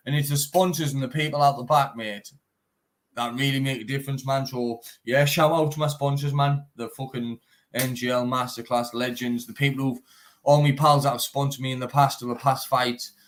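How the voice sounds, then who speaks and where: A man's voice: mid-range voice, fairly even intonation, normal speed. A young man, a bare-knuckle fighter in a casual live-stream interview, talking animatedly, swearing often and saying "mate" all the time. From Teesside, northeast England.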